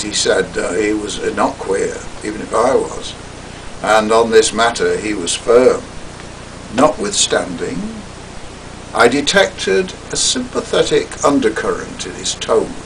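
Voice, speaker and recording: An older man giving a talk, recounting a personal story in a theatrical, wry way that drops to hushed asides. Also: lowish voice, far from the mic, slight background noise, poor audio.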